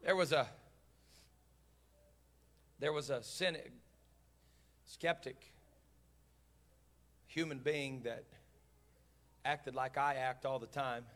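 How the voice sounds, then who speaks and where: A man preaching a sermon as pastor, impassioned and building to shouted climaxes. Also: medium pitch, steady tone, slow, pauses often.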